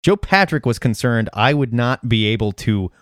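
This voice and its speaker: A man co-hosting a casual comics podcast, laughing often and slipping into loud mock voices. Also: medium pitch, lively intonation, moderate pace, smooth, no echo, studio quality. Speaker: podcast co-host.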